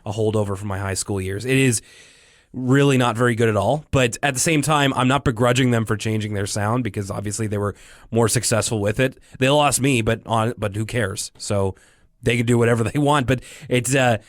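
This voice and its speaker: A man's voice: mid-range voice, fairly quick, no echo. A man in his thirties from Canada co-hosting a podcast, chatting casually with dry, self-mocking humor. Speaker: podcast co-host. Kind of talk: casual chat.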